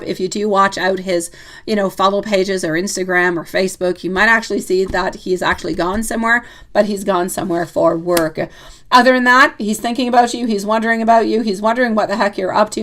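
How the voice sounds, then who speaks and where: A woman's voice: medium pitch, a bit bright. A woman hosting a live tarot reading stream, chatting casually with viewers, teasing and laughing often.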